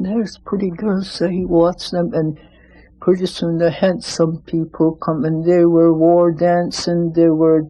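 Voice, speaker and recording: A storyteller telling a traditional legend in a slow, plain, unhurried way. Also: mid-range voice, warm tone, rough recording.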